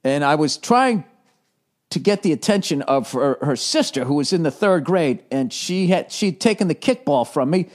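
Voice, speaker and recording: Comedian host, man, forties, slightly high voice, swearing through a self-mocking story. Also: expressive, moderate pace. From United States. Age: 40s. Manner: profane, rambling, self-deprecating. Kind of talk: casual comedic storytelling monologue.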